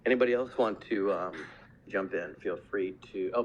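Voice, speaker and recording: A man hosting a casual online audio chat, relaxed and rambling with plenty of fillers. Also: on the low side, fairly quick, dull audio, a little hiss or hum.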